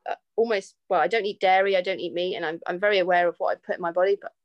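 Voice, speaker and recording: A woman's voice: on the low side, fairly even intonation, rapid-fire, no echo, dull audio. A woman with an English accent, a podcast guest chatting casually and laughing often, with frequent restarts. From England. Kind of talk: casual chat.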